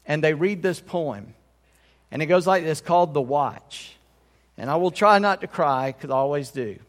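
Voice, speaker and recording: A man's voice: on the high side, moderate pace, big-room sound. A man pastor preaching a sermon in a conversational way, often checking in with his congregation.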